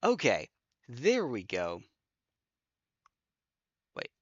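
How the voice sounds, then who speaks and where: A man's voice: medium pitch, wildly swooping pitch, extremely slow, fairly bright tone, dry recording, dull audio. A man streaming online battles, joking and thinking aloud in casual commentary with lots of repeats.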